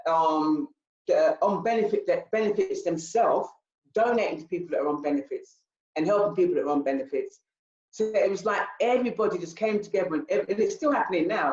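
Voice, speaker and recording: Roomy-sounding older woman. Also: low voice. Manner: animated, repetitive, acts out her own past speech. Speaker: charity founder. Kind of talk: interview talk. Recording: roomy, slightly dull sound.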